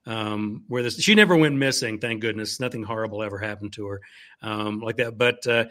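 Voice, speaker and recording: A man's voice: on the low side, a little fast, a bit bright. A man, an author, chatting casually with lots of fillers and then reading from his novel. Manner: rambling, fills with "you know" and "like that". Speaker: author guest.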